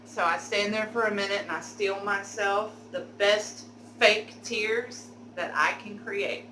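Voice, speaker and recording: A woman telling a candid, animated story for her vlog, cursing now and then. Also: mid-range voice, unhurried, reverberant, slight background noise, low-quality recording. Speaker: beauty vlogger telling a story.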